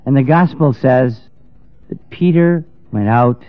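A man's voice: medium pitch, slow pace, no echo. Dramatic man preaching a storytelling sermon. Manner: dramatic, acts out the characters. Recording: dull dry lo-fi recording, faint music.

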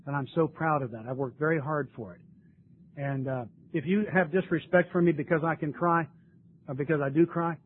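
Older man, slightly high voice, heartfelt recovery-meeting speaker; thin, lo-fi tape with a faint hiss. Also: a little fast. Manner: earnest, emotional, tearful at times. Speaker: speaker sharing his story at a recovery meeting. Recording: tinny lo-fi recording with faint noise.

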